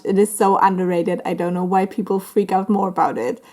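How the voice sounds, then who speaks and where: Young female book vlogger, casual and chatty, mid-pitched, rambling with ums and sudden gushing. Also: normal speed, few pauses. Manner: chatty and rambling, with frequent ums and bursts of excitement. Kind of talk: casual reading vlog chat.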